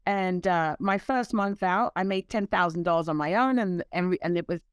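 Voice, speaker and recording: A woman interview guest telling stories in a lively way, acting out quoted voices. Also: fairly low pitch, moderate pace, smooth, dry recording. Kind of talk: storytelling in conversation.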